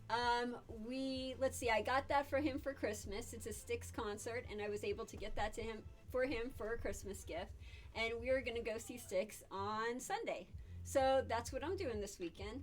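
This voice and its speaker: A chatty woman with a somewhat high voice hosts a relaxed live stream, reading viewer comments aloud and answering them. She laughs easily and grows lively as she tells stories. Soft music plays faintly underneath. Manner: laughs often, lively when telling stories. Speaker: live-stream host teaching casino games. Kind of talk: casual live-stream chat.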